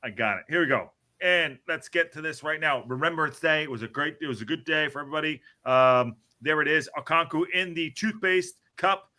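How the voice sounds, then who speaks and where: A man hosting a podcast, calling match highlights in an excitable, joking play-by-play with some swearing. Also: a little fast, few pauses. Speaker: podcast host. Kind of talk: casual match commentary.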